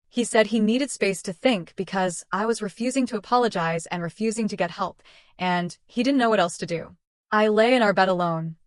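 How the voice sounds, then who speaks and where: A woman narrating a first-person drama story in a steady, even reading voice. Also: mid-range voice, no room sound.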